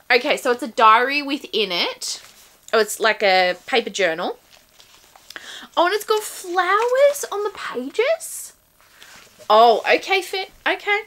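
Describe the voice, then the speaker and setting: A woman reviewing a subscription book box, excitedly unboxing and gushing over each item in casual chat. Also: sits high, a little slow.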